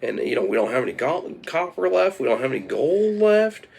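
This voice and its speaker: A man's voice: very animated, fairly quick, vocal fry, a little mellow, a little hiss or hum. A man voicing a panicked male egg farmer who frets in a raised voice. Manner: fretful, high, worried.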